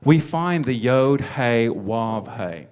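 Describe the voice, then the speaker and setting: A man's voice: mid-range voice, animated, takes it slowly, a little mellow, clear, resonant tone. Earnest male host of a faith teaching. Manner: earnest and preacherly, with frequent repeated words. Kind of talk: hosting a religious teaching talk.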